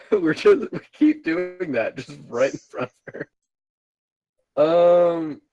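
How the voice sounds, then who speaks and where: A man playing a tabletop game, easygoing and thinking out loud, swearing casually now and then. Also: a little high, dry recording, lo-fi sound. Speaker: player.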